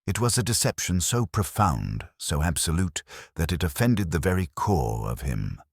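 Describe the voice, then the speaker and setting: A man's voice: low voice, very animated, moderate pace, vocal fry, slightly rough, dry recording, clean studio sound. A man giving brooding, theatrical scripted narration of a story.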